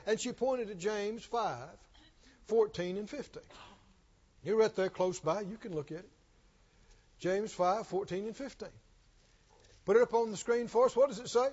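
A man's voice: sits high, normal speed, pauses often, darkish tone, slightly rough. A man preaching a sermon in a church, emphatic and questioning, often repeating his lines. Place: church sanctuary. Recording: dull recording with long hall reverb.

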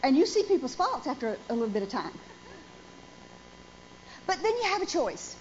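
A woman pastor in her forties delivers an emphatic church sermon in a high, slightly mellow voice, very animated at a normal speed and full of questions for the congregation. The recording is dull, lo-fi, and faintly noisy.

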